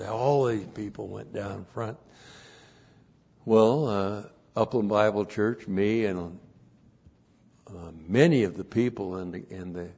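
A man pastor giving an expository sermon, deliberate and emphatic, with pauses and fillers. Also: fairly low pitch, darkish tone, highs cut off. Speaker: pastor and Bible teacher.

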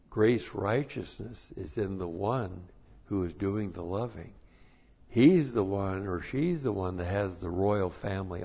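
A man preaching a sermon, slow and deliberate, repeating his numbered points for emphasis. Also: fairly low pitch, gravelly, warm tone, slightly rough, dull audio.

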